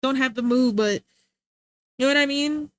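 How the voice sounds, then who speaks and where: A woman's voice: high voice, normal speed, smooth. A young woman streamer chatting casually, rambling and laughing often.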